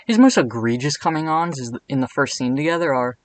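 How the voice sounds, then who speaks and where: A man's voice: mid-range voice, a little fast, hardly any pauses, rough recording. Irreverent, jokey man narrating. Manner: irreverent, jokey, with deadpan asides. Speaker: video essayist. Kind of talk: comedic video essay narration.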